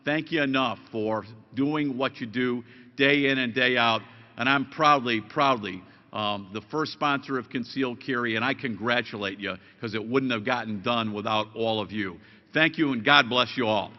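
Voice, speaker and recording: A man's voice: medium pitch, normal speed. A man, a state legislator, giving a combative political rally speech that lays out warnings against opponents. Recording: dull lo-fi sound with long reverb.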